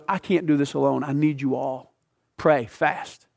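A man preaching a sermon, retelling a story with lively acted-out voices. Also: medium pitch, unhurried, vocal fry. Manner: animated storytelling, acting out voices. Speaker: pastor.

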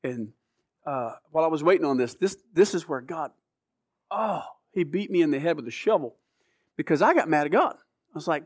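A man's voice: a little high, very animated, fairly quick, dry recording. Earnest middle-aged man, dry close sound. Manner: earnest, emotional, stumbling restarts. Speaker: guest telling his story. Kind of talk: personal testimony.

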